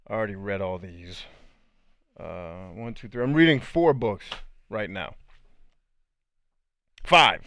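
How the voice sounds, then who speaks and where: A man hosting a casual livestream, reading out viewer comments and answering them in a laid-back, slangy way, often clearing his throat. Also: fairly low pitch, dry recording.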